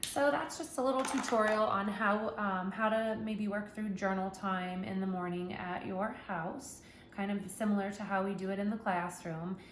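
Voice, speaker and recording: A woman teacher talks parents through a home literacy lesson in a patient, encouraging way. She slows down to stretch out each letter sound. Her voice carries a noticeable room echo over a faint background hum. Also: medium pitch, steady tone. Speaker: kindergarten teacher. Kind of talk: tutorial for parents.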